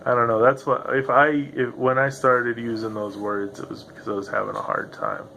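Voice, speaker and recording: A man's voice: medium pitch, animated, moderate pace, creaky, bright, forceful tone, a little hiss or hum. A man hosting a rambling solo podcast, loose and profane, who laughs often as he talks. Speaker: podcast host. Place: home room with a noisy computer. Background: grinding computer fan.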